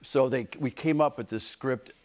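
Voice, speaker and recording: A man's voice: medium pitch, normal speed, darkish tone. Rambling storyteller man from Detroit. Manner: rambling, many restarts, acts out voices. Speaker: talk show guest. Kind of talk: casual anecdote. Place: TV studio.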